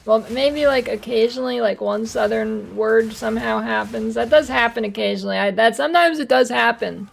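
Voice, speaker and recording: A woman's voice: fairly high pitch, a little fast, gravelly, hardly any pauses. An American woman streaming a game, chatting casually in a rambling, blunt and often profane way. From United States. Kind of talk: casual gaming stream chat.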